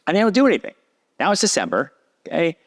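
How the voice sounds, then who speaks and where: Animated man telling a story. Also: a little high, quick pace. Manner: animated, acts out quoted voices. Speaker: podcast guest. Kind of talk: casual storytelling.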